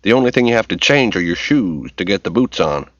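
A man doing a gruff slaughterhouse boss. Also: on the low side, lively intonation, fairly quick, a bit bright, dry recording. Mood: brusque. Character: blunt middle-aged male slaughterhouse supervisor. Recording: dull lo-fi recording.

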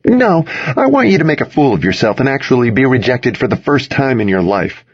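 Guy doing a smirky wisecracking teen boy, bouncy, kinda husky, dry muffled recording. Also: medium pitch, big pitch swings, a little fast, pitched above the performer's own voice. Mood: wry teasing. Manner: smirking, needling delivery. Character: wisecracking teenage boy, sly best friend. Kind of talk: audiobook character voice.

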